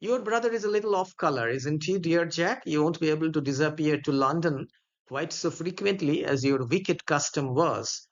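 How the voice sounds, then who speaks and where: A man reading aloud the lines of a languid, flippant young gentleman in a plain voice. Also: a little high, normal speed, lo-fi sound, close to an everyday voice. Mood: airy, flippant. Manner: plain read-aloud delivery, little voicing.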